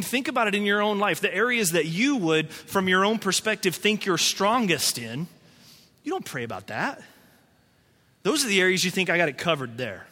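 A man's voice: sits high, pushed and bright, in a large hall. A male pastor preaching a sermon in a conversational way, acting out quotes and voices as he goes.

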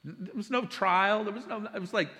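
A man preaching a sermon, telling stories with big swings between hushed, slow passages and loud bursts. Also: high voice, in a large hall.

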